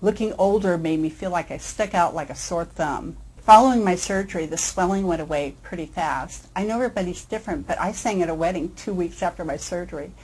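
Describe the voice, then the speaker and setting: A woman in her fifties giving a measured, prepared testimonial as a surgery patient. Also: on the low side, darkish tone, breathy edge, rough recording. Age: 50s.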